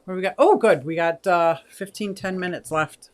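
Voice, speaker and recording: A woman's voice: lowish voice, normal speed. A woman in her sixties hosting a casual livestream, chatty, laughing often and reading viewer comments aloud. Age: 60s. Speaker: aquarium channel host.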